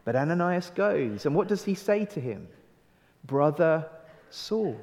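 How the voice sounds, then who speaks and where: A man preaches earnestly in a slightly raised voice, drawing out key phrases and pausing on rhetorical questions. His words carry the long reverb of a large church hall. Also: sits high, sing-song, vocal fry, darkish tone. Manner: conversational, with restarts and rhetorical questions. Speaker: pastor. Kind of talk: sermon.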